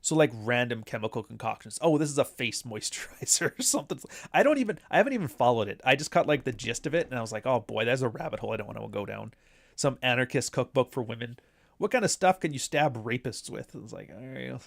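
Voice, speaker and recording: A man's voice: medium pitch, animated, fast talker, vocal fry. A man from Canada giving blunt, sarcastic commentary on a livestream, reading out viewer messages. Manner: blunt, sarcastic, laughing at his own jokes. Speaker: commentary streamer.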